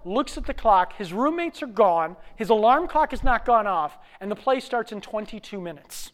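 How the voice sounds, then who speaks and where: A preacher delivering a sermon as an animated storyteller. The voice drops low and soft for reflection, then climbs loud and fast as the story heats up. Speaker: pastor.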